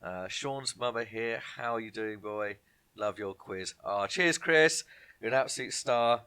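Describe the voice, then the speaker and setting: A man with a bright, forceful voice hosts a casual online quiz. He reads each question slowly and twice, dropping chatty jokes in between. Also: on the low side, clear, resonant tone. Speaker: quiz host. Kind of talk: casual live-stream quiz hosting.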